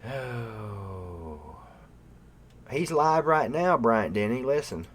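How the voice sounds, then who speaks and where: A man hosting a livestream, rambling and cursing with bursts of loud mock outrage at his live chat. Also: mid-range voice, very animated, very slow, slight background noise. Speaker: livestream host. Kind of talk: casual profane rant to live chat. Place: room at home.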